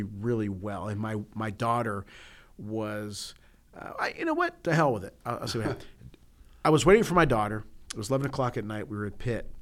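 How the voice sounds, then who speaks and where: A middle-aged man co-hosting a talk show, telling stories in a rambling, casual way with frequent restarts. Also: mid-range voice. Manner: rambling, storytelling with many restarts. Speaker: podcast co-host. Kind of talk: casual chat.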